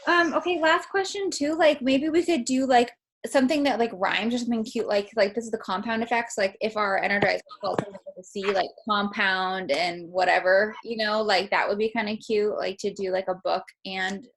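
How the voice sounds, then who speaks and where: A woman's voice: mid-range voice, fairly even intonation, a little fast. A woman leading a casual team video call, chatty, packing her talk with "like" and swearing casually. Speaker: team leader running a call.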